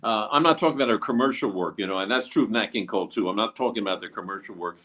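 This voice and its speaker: A man's voice: fairly low pitch, racing, a bit bright. A man being interviewed about his music, talking in a rambling way with many fillers and restarts. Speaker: guest musician. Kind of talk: casual interview.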